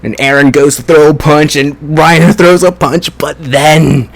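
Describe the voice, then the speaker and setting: Excitable man recapping an anime episode. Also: fairly high pitch, measured pace. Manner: excitable and profane, retells scenes with lots of fillers. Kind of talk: casual spoken review and recap.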